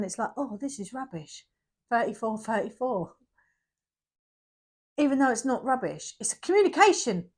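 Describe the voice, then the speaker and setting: A talkative middle-aged woman doing a casual tarot reading. Her voice sits a little high and she talks in emphatic, repeated bursts. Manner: chatty, emphatic and repetitive, with bursts of energy. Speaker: tarot reader.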